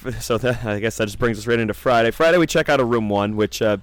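A man's voice: medium pitch, fast, no echo. A young man casually telling a story on a podcast, laughing often and swearing constantly.

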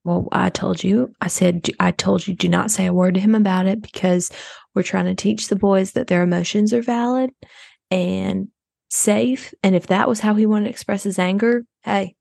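A woman's voice: medium pitch, steady tone, normal speed, vocal fry, a little mellow, no room sound. A woman playing Bonnie, a rambling rich mom. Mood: rambling, chatty. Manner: rambling, breathless oversharing. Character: self-absorbed rich suburban adoptive mom. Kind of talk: improvised comedy podcast.

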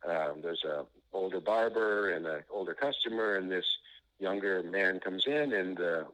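Man, fairly low voice, guest author, interview storytelling, rambling, self-interrupting, lots of restarts. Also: moderate pace, fairly bright tone, poor audio.

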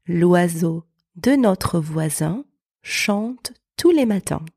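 A woman hosting a podcast lesson, saying words slowly and repeating them with care. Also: lowish voice, expressive, darkish tone, slightly rough, no echo, clean studio sound. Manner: slow, careful repetition of words. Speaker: French teacher, podcast host. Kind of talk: slow language lesson narration.

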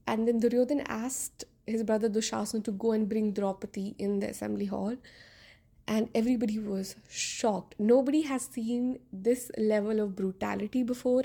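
A woman's voice: medium pitch, creaky, mellow, breathy edge. A woman podcast host retelling an epic story in a casual, conversational way with frequent fillers.

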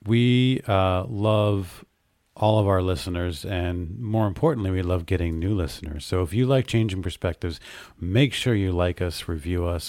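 A man's voice: low-pitched, a little mellow, no room sound. A middle-aged man co-hosting a podcast, teasing his co-host and reading upbeat promos. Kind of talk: casual podcast chat.

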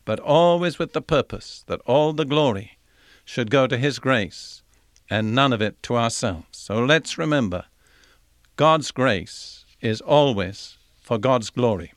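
A man delivering a Bible teaching in an earnest, measured manner, pausing to read scripture aloud. His voice sits in an ordinary middle register, recorded close and dry with no room sound around it. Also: medium pitch, animated, no room sound.

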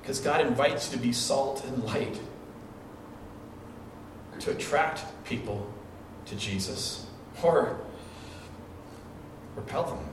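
Speaking slowly and pausing often, a man at medium pitch preaches as pastor in a conversational, storytelling manner, with restarts and repeated phrases. The sound is an echoey, distant hall recording with faint noise.

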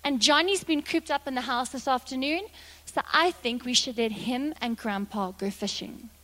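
Woman putting on a kind old granny, gentle, loving, high voice. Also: moderate pace, in a large hall. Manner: gentle, warm.

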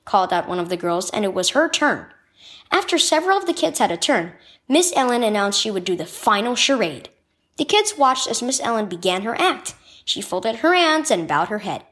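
A woman narrating a children's devotional story, reading a script in a clear, kid-friendly storytelling manner. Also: on the high side, very animated, normal speed, a bit bright.

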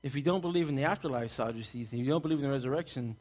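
A man from Texas preaching a sermon, telling jokes and stories with big swings between loud and soft. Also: mid-range voice, rapid-fire, hardly any pauses. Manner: animated, joking storyteller who swings loud and soft. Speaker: pastor. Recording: long hall reverb.

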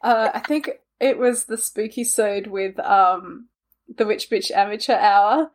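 A woman co-hosting a podcast in casual chat, reacting quickly and animatedly. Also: medium pitch. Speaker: podcast co-host.

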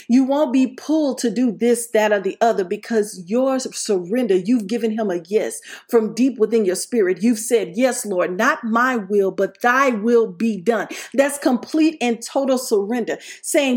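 A woman preaching a sermon with emphasis, repeating key lines and punctuating them with hallelujah. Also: fairly high pitch. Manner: slows and stretches words for emphasis.

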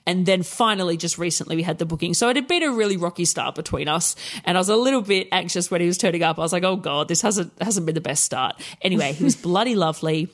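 A woman's voice: on the low side, lively intonation, racing, few pauses. A woman co-hosting a podcast in casual chat, candid and sweary, telling stories with frequent laughs and acting out past conversations. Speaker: podcast co-host.

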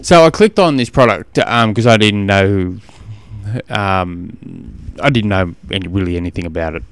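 A man's voice: low-pitched, normal speed, clean tone, dry recording. A middle-aged Australian man hosting a podcast, telling stories in a rambling, casual way with lots of restarts. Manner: rambling storytelling with self-corrections and laughs. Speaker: podcast host and coach. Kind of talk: casual chat.

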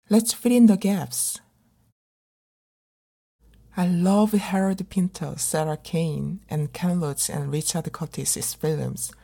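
Middle-aged woman, actor, dramatic monologue, earnest and pleading, slow, mellow tone. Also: deep voice, creaky. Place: living abroad as a migrant in a big city.

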